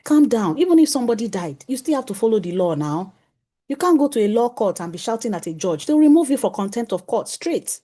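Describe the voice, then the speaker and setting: A woman gives a conference talk to parents as a parenting coach. She speaks in an animated way, chuckles often, and acts out exchanges with her family. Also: a little high, a little fast.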